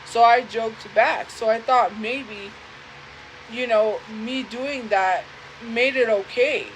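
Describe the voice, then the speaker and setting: A young woman with a fairly high voice tells a personal story on a livestream. She speaks earnestly and haltingly, often restarts, and repeats her points. A faint hum of ambience sits behind her. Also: poor audio. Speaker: livestream host.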